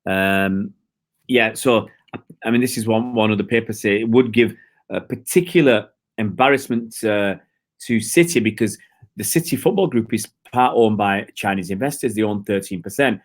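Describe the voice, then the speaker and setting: A man's voice: on the low side, moderate pace. A man hosting a live stream, chatting in a rambling, hesitant way with lots of fillers and talking to his viewers. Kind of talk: casual live-stream commentary.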